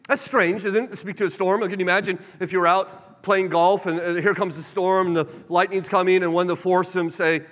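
A man preaching a sermon in a church, animated, shifting his pace and loudness. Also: high voice, normal speed. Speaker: pastor. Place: church sanctuary. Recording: reverberant hall.

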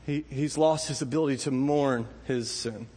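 A middle-aged man preaching a sermon as pastor, earnest, with his voice dropping low and slow and then rising high and impassioned. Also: a little mellow, husky, big-room sound.

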